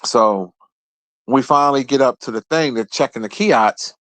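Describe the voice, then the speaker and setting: A man in his forties telling a rambling, profane story in a casual rant, his voice jumping high whenever he quotes someone. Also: normal speed, no room sound. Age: 40s. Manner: profane, animated, jumps high when quoting people. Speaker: streamer host.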